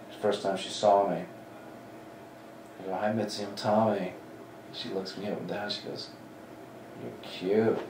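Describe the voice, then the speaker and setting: In an echoey room with a distant mic and a slight hiss or hum, a lowish-voiced man in his forties tells stories during a casual interview. He's a comedy club talent coordinator, animated and fond of acting out the voices of people he quotes.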